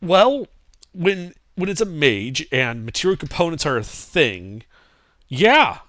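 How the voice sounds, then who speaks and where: Male tabletop player, bright tone, animated pitch, dry close mic, deadpan jokes. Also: takes it slowly, dry recording. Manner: dry, teasing, casual swearing. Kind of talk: in-character tabletop banter.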